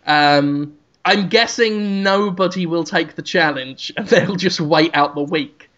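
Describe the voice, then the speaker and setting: Brief: high, bright-voiced male podcast host, animated rambling storyteller; dull lo-fi audio. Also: takes it slowly.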